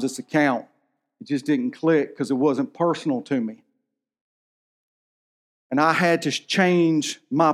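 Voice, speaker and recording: A man in his thirties preaching a sermon in a church, telling a personal story in an earnest, emotional way. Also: a little high. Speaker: pastor.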